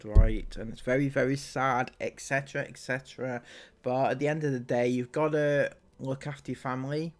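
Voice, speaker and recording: A man giving sarcastic reaction commentary, firing incredulous rhetorical questions. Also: medium pitch.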